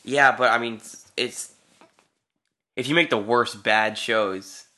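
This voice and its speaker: A man's voice: medium pitch, slow pace, bright, forceful tone. A young man in his late teens chatting casually as a co-host, teasing and sarcastic in his banter. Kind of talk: casual chat.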